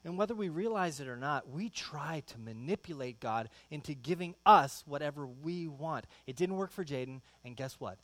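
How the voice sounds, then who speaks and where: A male pastor preaching a sermon, shifting into animated storytelling and acting out everyday exchanges with his kids. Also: medium pitch, a little slow, no room sound. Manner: animated storytelling, acts out his kids' voices.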